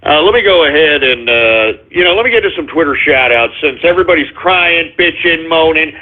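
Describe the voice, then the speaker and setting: A man's voice: high voice, expressive, normal speed, hardly any pauses. Ranting male talk radio host, tinny line. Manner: profane, exasperated ranting with sudden shouts. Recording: tinny phone-line sound.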